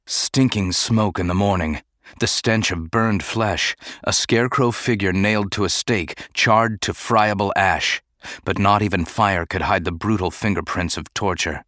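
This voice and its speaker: A man narrating an audiobook chapter, with steady, even storytelling. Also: sits low, a little slow, no room sound, clean studio sound. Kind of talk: scripted narration.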